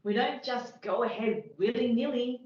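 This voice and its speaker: A woman's voice: a little high, moderate pace, background noise, natural voice. A woman playing a firm, defensive agile team lead. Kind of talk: amateur workplace role-play. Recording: very echoey, distant mic, dull lo-fi sound.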